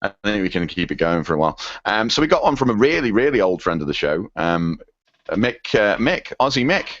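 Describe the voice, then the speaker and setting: A man's voice: on the low side, very animated, fairly quick, fairly bright tone. A man in his thirties co-hosting a podcast in casual chat, rambling with lots of ums while he reads listener emails. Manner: rambling, frequent ums and self-corrections. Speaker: podcast co-host. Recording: dull lo-fi dry podcast audio.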